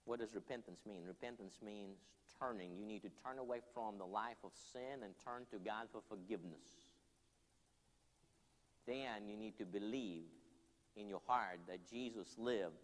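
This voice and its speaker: A man preaching an altar call, earnest and pleading, leading the congregation in prayer line by line. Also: on the low side. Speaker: pastor. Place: church hall. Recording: long hall reverb, soft music behind.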